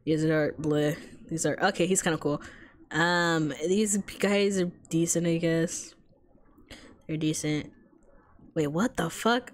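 A woman's voice: deep voice, takes it slowly, long pauses. Profane, sarcastic woman streamer. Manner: profane, sarcastic, exasperated asides. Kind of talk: casual game playthrough, reading text aloud.

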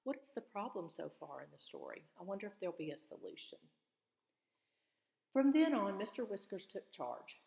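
A woman's voice: mid-range voice, very animated, moderate pace, creaky, warm tone. A woman teacher reads a children's storybook aloud and stops to ask her students questions about the story. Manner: asks questions to check students' understanding. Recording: echoey room with long reverb.

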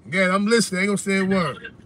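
A man's voice: high voice, very fast, over music. A man hosting a show, arguing heatedly and talking over the other speaker, repeating himself to break in. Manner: confrontational, repeats himself to interrupt. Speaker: show host. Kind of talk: heated phone argument. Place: in a car.

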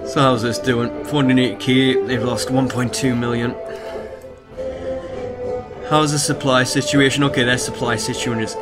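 A man giving casual strategy gameplay commentary as a video host, swearing freely and talking to his viewers. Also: mid-range voice.

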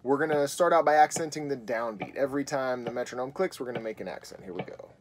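A man teaching a guitar lesson on video, explaining in a relaxed way and often pausing with fillers. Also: mid-range voice.

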